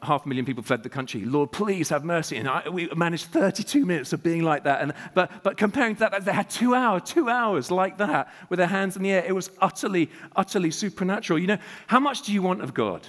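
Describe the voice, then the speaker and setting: Impassioned preacher in a reverberant hall. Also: male voice, high voice, quick pace, few pauses. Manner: animated storytelling, emphatic rhetorical questions. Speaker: guest preacher. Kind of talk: sermon.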